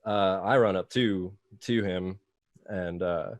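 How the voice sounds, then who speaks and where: Low-voiced hesitant game player. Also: male voice, fairly even intonation, takes it slowly, dry recording. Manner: hesitant, questioning. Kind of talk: tabletop game play.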